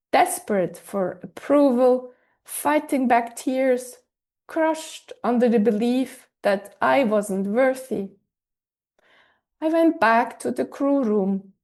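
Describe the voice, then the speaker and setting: A woman podcaster narrating a personal story in a measured, scripted way. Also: a little high, darkish tone. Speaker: podcast host and author.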